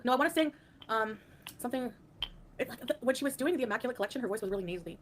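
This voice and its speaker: Woman streamer, quick casual chatter, laughs a lot, greets chat by name, faint noise under the voice. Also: fairly high pitch, lively intonation. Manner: thanks chat by name, laughs often, sings snatches. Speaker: livestreamer reading chat.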